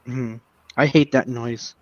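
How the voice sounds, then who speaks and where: A man's voice: medium pitch, fairly even intonation, slow, darkish tone, no echo. A man in a casual livestream chat, rambling and hesitant, filling his talk with lots of "uh" and "like". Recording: dull lo-fi stream audio.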